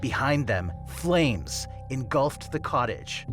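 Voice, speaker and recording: A man from Canada, a news anchor, reading measured, grave documentary narration. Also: mid-range voice, expressive, a bit bright. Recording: voice-over with music bed.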